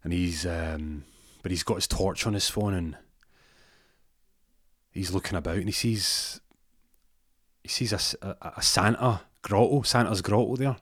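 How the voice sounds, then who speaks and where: A man tells a rambling comic story, full of restarts and side remarks. His voice is very deep. The recording is close and dry. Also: unhurried, long pauses, a bit bright, dry recording.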